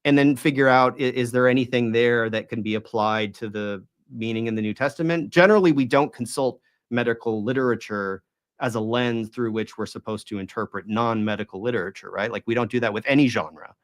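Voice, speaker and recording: A man being interviewed, speaking in a conversational way with many restarts and rhetorical questions. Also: mid-range voice. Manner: talks in halting restarts and hedges, often asks rhetorical questions. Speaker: guest.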